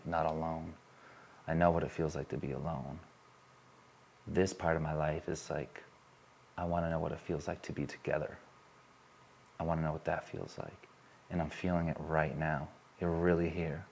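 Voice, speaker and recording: Earnest low-voiced man speaking on stage. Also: gravelly, a little hiss or hum. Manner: earnest, repetitive, builds intensity then softens. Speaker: workshop speaker. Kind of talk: emotional live talk to an audience. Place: on stage before a live audience.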